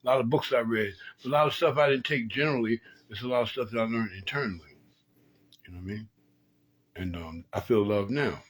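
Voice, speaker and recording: Husky-voiced man giving relationship advice. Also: mid-range voice, fairly quick, low-quality recording. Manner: preachy, repeats and restarts phrases. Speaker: host. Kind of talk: late-night relationship advice monologue.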